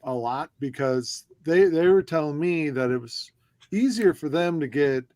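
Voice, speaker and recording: A man's voice: on the high side, animated, a little slow, darkish tone, slight background noise. A man co-hosting a casual interview show, chatty and enthusiastic as he asks questions. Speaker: podcast co-host.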